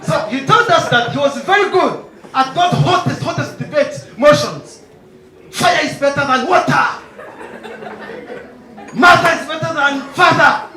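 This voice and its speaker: A man performing a stand-up comedy set on stage, acting out characters with sudden loud high shouts. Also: reverberant, poor audio. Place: comedy stage before a live audience.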